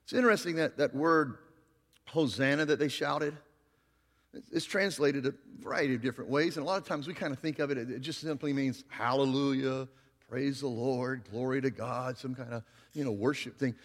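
A male pastor preaching a sermon, swinging between loud, emphatic passages and quiet, slow emphasis. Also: medium pitch, big-room sound.

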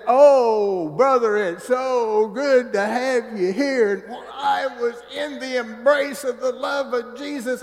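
A man preaching a sermon in a church, telling folksy stories and swinging from hushed asides to booming exclamations. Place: church sanctuary. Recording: church hall reverb.

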